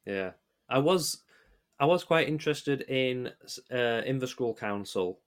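A man's voice: medium pitch, animated, measured pace, clean tone. A man co-hosting a podcast, chatting casually and working through his thoughts with frequent hesitations and restarts. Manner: hesitant, many restarts, rambling analysis. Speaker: podcast co-host. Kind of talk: casual chat.

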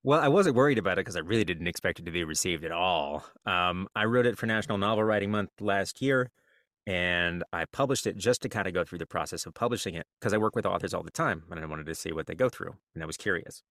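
Deep-voiced male author guest, laid-back and wry, dry close sound. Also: fast, no room sound. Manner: relaxed, self-deprecating, joking. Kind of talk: casual interview chat.

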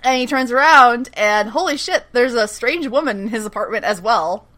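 A woman's voice: fairly high pitch, lively intonation, moderate pace, bright, forceful tone. A woman casually recapping a TV episode, acting out the characters' lines and laughing often. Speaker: podcast co-host recapping a TV show. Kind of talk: casual chat.

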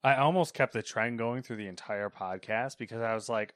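A man's voice: fairly low pitch, a little fast, a bit bright. A man hosting a gaming podcast, talking casually in a dry, self-deprecating way that often trails off. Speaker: podcast host.

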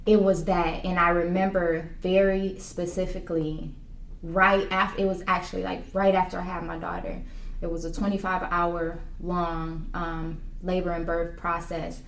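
Doula lady telling her story, kinda low voice, roomy echo, a bit far from the mic. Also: level tone, normal speed. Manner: reflective, earnest, many fillers. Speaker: doula, guest. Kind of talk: personal storytelling in an interview. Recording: roomy, from a distance.

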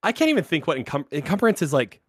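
A man's voice: a little high, very animated, fast, no room sound, studio quality. A man who hosts a podcast, opening the show and joking in an upbeat, casual way with frequent laughs. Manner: upbeat, jokey, laughs often. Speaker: podcast host.

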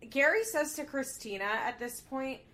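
A woman co-hosting a podcast, recapping a reality show in candid, animated casual chat and swearing freely. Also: sits high, normal speed. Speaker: podcast co-host.

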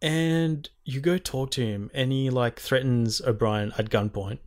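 A man's voice: medium pitch, unhurried. A young man in casual chat, retelling game scenes animatedly and swearing a lot. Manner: animated, swearing, quoting characters in exaggerated voices.

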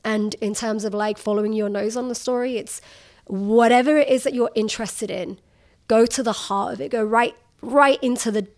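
A young woman journalist talking candidly in an interview, animated and quick to laugh, acting out remarks she has heard. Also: fairly high pitch. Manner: animated, laughs often, acts out quoted remarks. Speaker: journalist guest.

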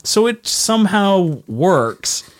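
A man's voice: high-pitched, very animated, slow. A young man from Canada co-hosting a podcast, telling rambling stories in casual chat with plenty of swearing. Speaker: podcast co-host.

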